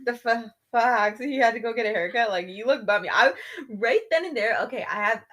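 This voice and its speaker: A woman's voice: a little high, fairly quick, a bit bright. A young woman co-hosting a podcast, talking in a casual, heated way and swearing a lot. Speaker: podcast co-host. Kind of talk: casual chat.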